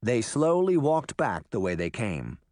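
A male audiobook narrator reads a children's adventure story aloud, bringing it to life with expressive, animated storytelling. His voice is medium in pitch and unhurried, with no room sound.

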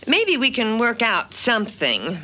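An actress voicing a level-headed cartoon housewife who speaks in a dry, measured way. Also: female voice, a little high, huge pitch swings, pushed and bright, full character voice. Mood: wry.

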